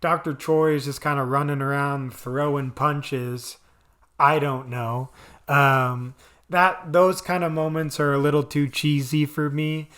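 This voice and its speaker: A man recapping a TV episode in loose, casual chat. He rambles and restarts with plenty of fillers, his voice bright and forceful. He sits a little high for a man. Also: steady tone, measured pace. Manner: rambling, filler-heavy, enthusiastic. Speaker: video reviewer.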